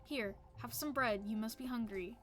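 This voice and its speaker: A woman reading game dialogue in a lower, dry voice as a gruff, sharp-tongued young village woman. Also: normal speed, lightly acted. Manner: curt, dry and grumbling.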